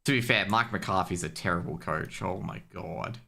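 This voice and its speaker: Rambling, swearing young man with a bright voice. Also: deep voice, normal speed, creaky. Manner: rambling, profane and loose, many fillers and restarts; gets worked up and louder when ranting. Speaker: streamer. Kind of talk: casual stream chat.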